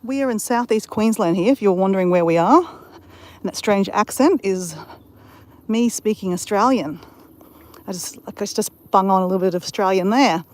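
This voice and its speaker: A woman's voice: mid-range voice, moderate pace, darkish tone. A woman chatting on a live stream while out on a bush walk, rambling and greeting viewers in the chat, on a handheld phone mic. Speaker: vlogger.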